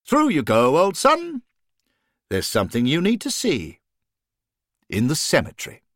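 A man voicing a kindly old male spirit who gently encourages and praises a friend. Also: fairly high pitch, wildly swooping pitch, measured pace, no echo, clean studio sound, pitched above the performer's own voice, heavily acted. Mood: encouraging.

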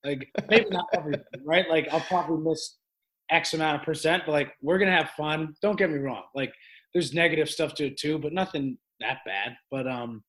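A man's voice: on the high side, brisk. A young man who teaches fitness classes, talking brashly and profanely as a podcast guest. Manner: brash, profane, energetic storyteller. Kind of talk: casual podcast chat.

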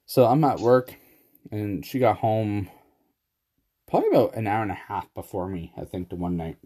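A man with a lowish, mellow voice talks casually with a friend. He tells stories with animation and keeps breaking into laughter. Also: moderate pace. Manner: laughs often, animated storytelling. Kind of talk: casual chat.

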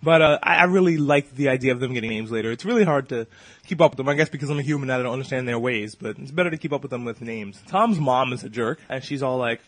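A man hosting a podcast, recapping an episode in a casual, excitable and profane way, acting out the characters' lines as he goes. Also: medium pitch, fast, no echo. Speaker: podcast host.

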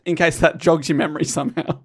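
A woman's voice: deep voice, steady tone, fast talker, a little mellow. A woman hosting a casual book chat, dry and teasing, laughing often. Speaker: podcast host.

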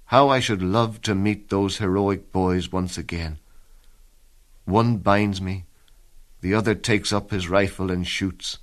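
A man reads a soldier's memories of battle in the first person, unhurried and deliberate. His low voice stays grave and intense, dropping toward a hush when the story turns dark. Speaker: reader of a soldier's war memoir. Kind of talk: dramatic first-person reading.

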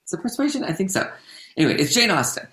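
A man's voice: high-pitched, very animated, racing, sharp tone. Male co-host, rambly chat, echoey room. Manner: rambling, full of fillers and self-corrections. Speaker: podcast co-host and stage performer. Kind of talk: casual chat.

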